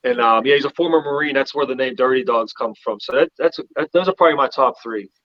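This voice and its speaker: A man's voice: mid-range voice, fast talker, dry recording. Laid-back man from Pittsburgh, slightly muffled. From Pittsburgh area. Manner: relaxed, rambling, drops "man" often. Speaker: podcast guest. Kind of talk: casual chat.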